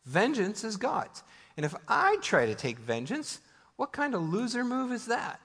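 A man's voice: very high-pitched, wildly swooping pitch, normal speed, a bit bright. A man preaching a sermon in a church, conversational and emphatic, asking his listeners rhetorical questions. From United States. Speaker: pastor. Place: church sanctuary. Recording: long hall reverb.

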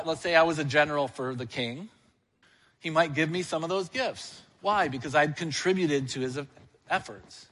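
A man's voice: on the high side, a bit bright, in a large hall. A male church elder preaching a sermon, asking the congregation questions and answering them himself.

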